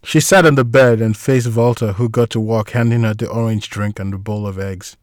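A man narrating a story chapter in a steady, scripted reading. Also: lowish voice, moderate pace, few pauses, dry recording, clean studio sound. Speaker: audiobook narrator.

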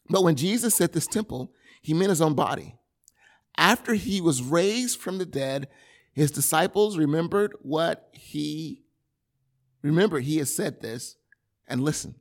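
A man preaching a sermon in a conversational, animated way, with everyday examples. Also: fairly high pitch.

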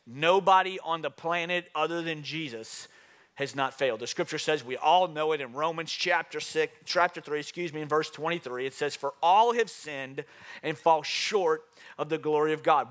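Emphatic male preacher, slightly high voice. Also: moderate pace, a bit bright. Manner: repeats key phrases for emphasis. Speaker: pastor. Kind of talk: sermon.

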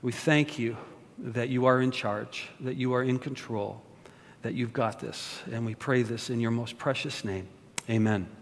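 A man's voice: mid-range voice, fairly even intonation, unhurried. A man preaching a sermon as a pastor, joking and asking his congregation questions. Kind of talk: sermon with prayer. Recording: long reverb of a large hall.

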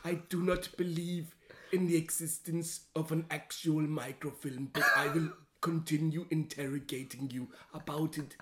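A solemn male film director with a heavy German accent, put on by a man. He speaks slowly and ponderously, dwelling on death with unbroken gravity. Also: fairly high pitch, little pitch movement, a little hiss or hum, voice pushed up, close to an everyday voice. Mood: interrogating. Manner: grave, ponderous musings on death.

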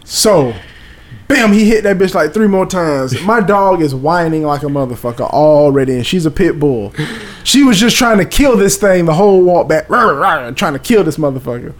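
A man, telling a story in casual chat, animated and profane, acting out voices and sounds. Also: fairly high pitch, normal speed.

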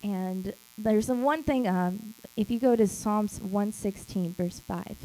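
A woman's voice: medium pitch, slow, dark tone, smooth, low-quality recording. A woman who leads a small group, giving an emphatic church teaching talk. She repeats key phrases and acts out quoted lines.

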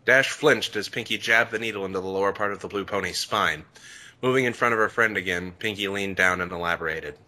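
A man's voice: deep voice, fairly quick, sharp tone. A man co-hosting a comedy podcast, chatting casually and reading parts of a story aloud.

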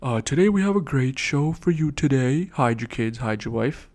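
A young man hosting a casual podcast, upbeat and quick to laugh, easily flustered by his co-hosts. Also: medium pitch, animated, darkish tone. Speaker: podcast host.

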